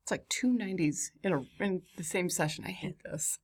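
A woman's voice: fairly low pitch, a little fast. A woman playing a tabletop game, chatting casually, swearing and groaning at her dice. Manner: lively, swears and laughs at bad rolls. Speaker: player.

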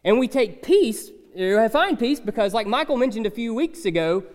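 A man's voice: extremely high pitch, sing-song, moderate pace, darkish tone, big-room sound. A man preaching a conversational sermon, emphatic and repeating key phrases. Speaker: pastor.

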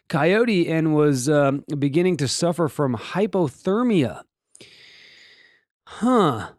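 Lively man riffing on odd news. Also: fairly high pitch, slow, no echo, studio quality. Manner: animated, with joking asides and rhetorical questions. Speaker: host. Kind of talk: comedic reading of offbeat news stories.

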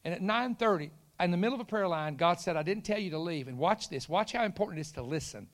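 With a voice that sits high and a quick pace, a middle-aged preacher tells a story as his sermon. He performs each character's voice with lively energy and belts out the punchlines.

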